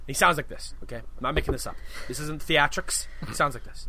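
A man hosting a podcast, telling a story in casual chat, animated and swearing freely. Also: on the high side, fast talker, a little hiss or hum. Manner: animated, swearing, laughs through his story. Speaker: podcast host.

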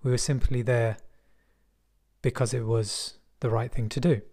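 A middle-aged man with a soft West London accent tells his own story at a steady, measured pace. His voice sits in an ordinary middle pitch, and his delivery is thoughtful, reflective and quietly wry. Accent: West London English. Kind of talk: personal storytelling.

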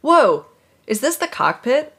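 A woman reads as a bumbling young space pirate in a giddy, animated way. Her mid-range voice moves at a moderate pace, pitched above her own natural voice yet close to an everyday one.

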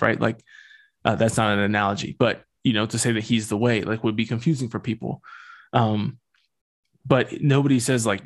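A man's voice: lowish voice, fairly even intonation, moderate pace. A young man hosting a podcast who talks through a Bible passage in a casual, joking way, heavy on slang and fillers. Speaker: podcast host. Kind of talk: casual scripture talk.

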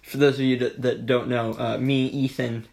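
A man's voice: medium pitch, little pitch movement, moderate pace, creaky, darkish tone. A young man hosting a casual podcast chat, easygoing and amused. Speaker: podcast host.

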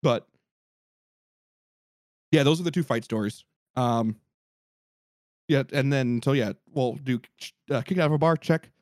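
A man telling a story in casual podcast chat, animated and profane, acting out what people said. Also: mid-range voice, a little slow, pauses often, dry recording, studio quality. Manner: animated, profane, acts out quotes.

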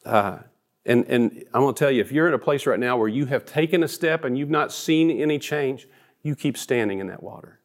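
A man's voice: mid-range voice, brisk. A middle-aged man preaching a sermon as a pastor, earnest and storytelling, often restarting his sentences.

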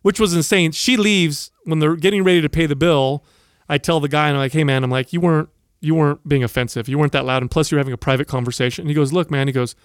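A man's voice: a little high, steady tone, fast talker, smooth, no echo, clean studio sound. A man co-hosting a podcast, telling a story in casual chat and acting out the people he quotes. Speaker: podcast co-host.

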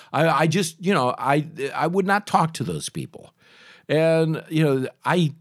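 An older male talk show host in his sixties tells a rambling personal story in a chatty, animated monologue, full of restarts and asides. His medium-pitched voice rises and falls a lot, and the recording sounds close and dry.

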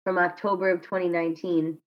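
A woman's voice: fairly low pitch, level tone, fairly quick. A woman co-hosting a podcast in casual chat, rambling and correcting herself as she goes. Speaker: podcast co-host. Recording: slightly dull lo-fi sound.

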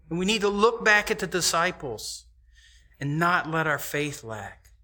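A male preacher delivers a sermon in a high, bright voice. He speaks slowly and conversationally, pressing his points home and repeating phrases for emphasis.

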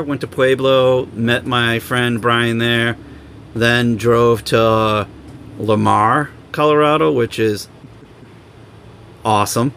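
A young man hosting a podcast, telling road stories in a casual, animated way and acting out other people's lines. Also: a little hiss or hum. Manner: animated storyteller, acts out quoted people in higher voices. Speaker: podcast host. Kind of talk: casual storytelling chat.

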